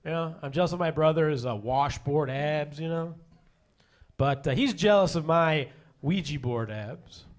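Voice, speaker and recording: A man doing a stand-up comedy set, self-deprecating and halting, with many fillers and restarts. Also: a little high. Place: comedy stage before a live audience.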